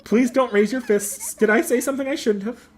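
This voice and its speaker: A man voicing a polite young female AI girl who speaks softly and earnestly while he plays a game. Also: fairly high pitch, animated, a little fast, soft background music, pitched above the performer's own voice, close to an everyday voice. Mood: alarmed.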